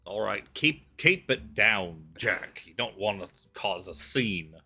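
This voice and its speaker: Bright-voiced male game master. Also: fairly low pitch, expressive, takes it slowly, slightly rough, soft background music. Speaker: dungeon master. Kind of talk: narrating a tabletop game.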